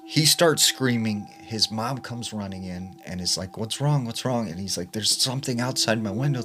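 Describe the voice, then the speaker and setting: Male storyteller, lower voice, casual and chatty, music bed underneath. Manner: chatty, many fillers like "like" and "you know". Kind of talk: casual spooky story narration. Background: background music.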